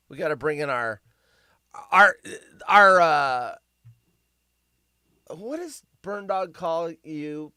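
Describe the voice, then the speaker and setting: Lively, sarcastic, rambling man livestreamer. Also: on the high side, clean tone, no echo, studio quality. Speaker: livestream host. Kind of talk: casual livestream chat.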